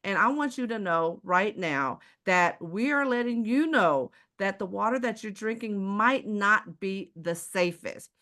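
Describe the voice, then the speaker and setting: A woman with a Texan accent delivers a live online sales pitch. She speaks straight to her viewers and keeps throwing rhetorical questions at them. Her voice sits at a medium pitch. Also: expressive, measured pace, hardly any pauses, a bit bright. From Houston, Texas. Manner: rhetorical questions, addresses the audience directly. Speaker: sales presenter.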